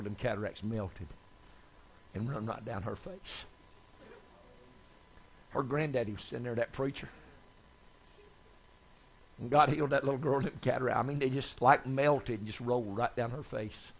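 A man preaching a sermon, telling folksy testimony stories that build to excited shouts. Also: medium pitch. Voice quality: gravelly, husky. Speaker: evangelist preacher.

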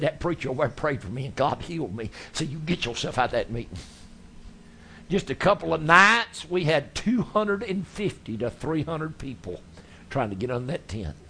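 A man preaching a sermon, telling his stories in a folksy, animated way. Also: fairly high pitch, slightly rough. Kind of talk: sermon storytelling.

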